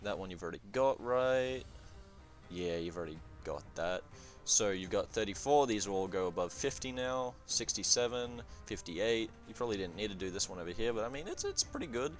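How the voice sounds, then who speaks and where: Male game reviewer, lower voice, rambling profane commentary, soft music bed. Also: animated, brisk. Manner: rambling, profane, thinking aloud with many fillers. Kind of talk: casual gameplay commentary.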